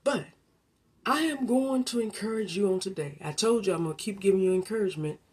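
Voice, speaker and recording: A woman giving a faith-based motivational talk, preacherly and colloquial, addressing the listener directly and swinging from hushed to emphatic. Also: mid-range voice, fairly quick, husky. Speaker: motivational speaker.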